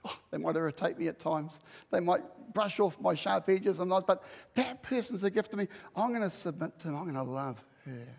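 Brisk and gravelly, the middle-aged pastor's high-sitting voice fills a large hall. During his sermon he tells a story with animation, acting out the dialogue energetically.

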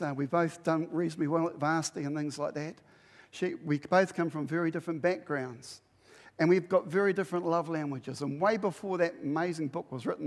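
In a large hall, a middle-aged pastor with a fairly high-pitched voice preaches. He animates his sermon's story by acting out each line of dialogue with great energy.

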